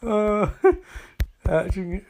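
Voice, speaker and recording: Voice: mid-range voice, very slow, darkish tone. An adult talking casually and rambling while reacting to a film, swearing often and laughing between remarks. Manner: rambling, profane, frequent fillers and laughing reactions. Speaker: movie watch-along commentator.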